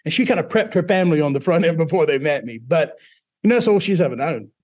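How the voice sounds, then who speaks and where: A man from Mississippi, a teacher, telling his personal story in an interview in a relaxed, self-deprecating way. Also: on the high side, fast. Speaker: teacher and guest.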